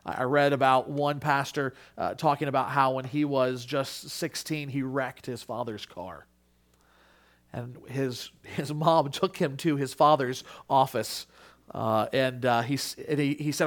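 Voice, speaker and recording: A male pastor preaching a sermon, earnest, dropping to a hush and then rising to emphatic peaks, acting out the quoted voices. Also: a little high, fairly even intonation, measured pace.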